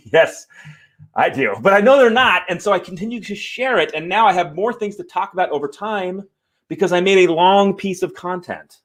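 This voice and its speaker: A man's voice: high-pitched, animated, normal speed, fairly bright tone. A man hosting a live show from home, talking to viewers in a fired-up, emphatic way and apologizing after swearing. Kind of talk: live-stream talk to viewers. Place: home room.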